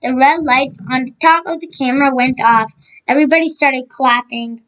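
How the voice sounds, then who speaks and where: A woman with a high voice reads a children's book aloud. She trips over words, restarts, and breaks off for casual asides. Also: moderate pace, fairly bright tone, poor audio. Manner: stumbles over words, adds side comments. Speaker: reader.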